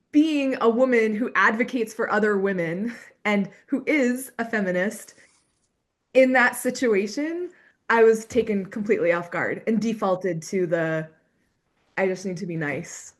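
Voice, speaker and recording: A woman with a fairly high voice tells a personal story over a video call. She speaks in an animated way and laughs often. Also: a little slow. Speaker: panelist.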